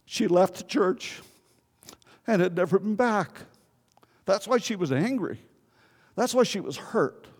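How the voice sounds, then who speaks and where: An older pastor preaching a sermon in a fairly high voice, telling his story earnestly and pleading with his listeners. His voice rings out with a long reverb, as in a large hall. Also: animated, unhurried, long pauses, breathy edge.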